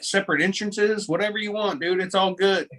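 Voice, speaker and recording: A man with a high voice and steady tone hosts a casual video call chat, talking a little fast with a fairly bright sound. He rambles through his stories, restarting often and poking fun at himself.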